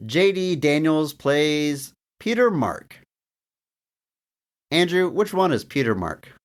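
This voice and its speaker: A man co-hosting a film podcast, chatting casually with dry jokes and drawn-out emphasis. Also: on the high side, sing-song. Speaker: podcast co-host. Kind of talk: casual film review chat.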